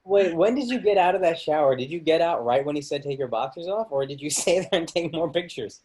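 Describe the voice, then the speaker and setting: A man's voice: on the high side, animated, fast, a little mellow, a little hiss or hum. A man, a guest in casual chat, cracking dry jokes in slangy speech.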